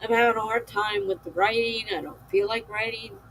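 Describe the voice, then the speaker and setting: A woman's voice: on the high side, fairly even intonation, fairly bright tone, slight background noise, low-quality recording. A tired woman chatting casually with her live-stream viewers, weary and given to laughing. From United States. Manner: slow, weary, laughs often. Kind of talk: casual chat with chat readers.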